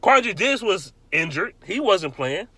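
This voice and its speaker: A young man on a heated, profane rant, his voice pitched high and pushed hard. He hammers his points by repeating them. The sound is close and dry, with no room around it. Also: very animated, slow, pushed and bright, no room sound. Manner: angry, blunt, repeats himself for emphasis. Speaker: sports fan vlogger.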